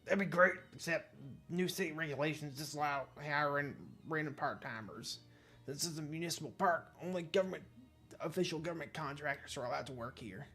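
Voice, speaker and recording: Guy doing a frazzled park groundskeeper, overworked, a bit higher voiced, rushing. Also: pushed and bright, soft background music. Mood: flustered. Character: overworked park groundskeeper man, flustered and harried.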